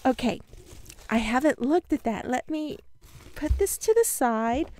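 A woman's voice: high-pitched, expressive, a little slow, darkish tone. A woman unboxing a craft swap on camera, gushing and giddy, exclaiming and laughing often. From United States. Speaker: paper crafting vlogger. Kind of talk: casual unboxing chat to camera.

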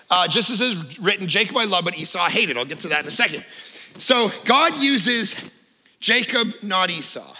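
A man preaching a sermon, telling a story with lively energy, sometimes shouting and sometimes dropping low. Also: big-room sound. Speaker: pastor.

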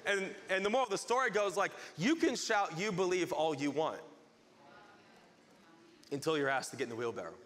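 Animated male pastor in an echoey church hall. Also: a little high, fairly quick, long pauses. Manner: animated storytelling, acting out crowd voices. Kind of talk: sermon.

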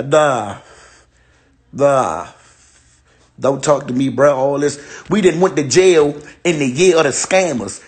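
A young man on a phone livestream, joking in an exaggerated, repetitive rant and laughing between lines. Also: on the high side. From Ohio. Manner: laughing, exaggerated mock despair, repeats lines. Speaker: internet personality. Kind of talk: joking live-stream rant.

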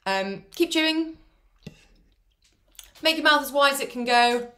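Her voice is high-pitched, pushed and bright, with lively intonation and a slightly slow pace. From home, this choir teacher leads a vocal warm-up over a video call, chatting, encouraging and demonstrating sounds.

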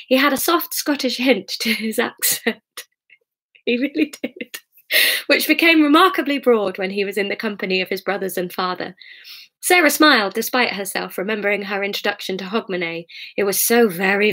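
Expressive woman reading her novel aloud. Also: medium pitch. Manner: expressive, giggly asides. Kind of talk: live novel reading with chatty asides.

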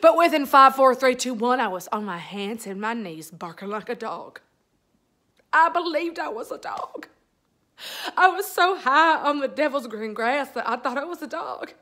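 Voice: high-pitched, lively intonation, normal speed, pushed and bright. A performer playing a gossipy middle-aged church woman, giggling through a dramatic confession. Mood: chatty. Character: giddy middle-aged Southern church lady on social media. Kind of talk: comic character monologue.

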